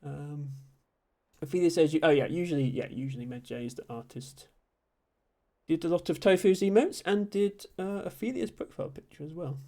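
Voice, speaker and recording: A young man streaming, reading chat messages aloud and thanking viewers, with frequent ums and soft laughs. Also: a little high, normal speed. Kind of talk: casual live-stream chat.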